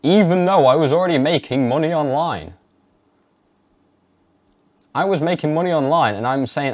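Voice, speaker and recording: A man's voice: a little high, fairly quick. Emphatic young man vlogging. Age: young adult. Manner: emphatic, mocks hesitant speech. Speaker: health vlogger. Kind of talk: direct-to-camera advice monologue.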